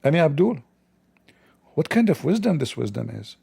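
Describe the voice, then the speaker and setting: A man's voice: on the high side, very animated, moderate pace, creaky, mellow, slightly rough. A man hosting a livestream, talking in a sarcastic, mocking way in non-native English. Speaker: livestream host. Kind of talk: livestreamed commentary.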